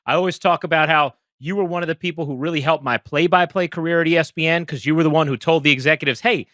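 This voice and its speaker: Bright, high-voiced sports co-host. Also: male voice, steady tone, fast talker, no echo, clean studio sound. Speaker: sports co-host and play-by-play announcer. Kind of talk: casual chat on a sports talk show.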